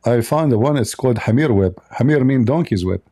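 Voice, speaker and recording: A man's voice: medium pitch, expressive, fairly quick, dark tone, slightly rough. A man hosting a livestream of political commentary, blunt and opinionated, often restarting his sentences. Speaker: commentary channel host.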